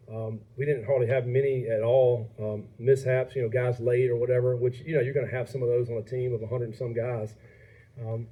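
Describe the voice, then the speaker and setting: A man, a head football coach, answering questions at a postgame press conference in an upbeat, halting way. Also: mid-range voice, dark tone, rough recording.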